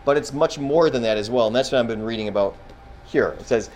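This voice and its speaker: A man's voice: mid-range voice, fast, a little mellow, slight background noise, poor audio. A man teaching a Bible class in a classroom, talking casually, quizzing his students and often restarting his sentences.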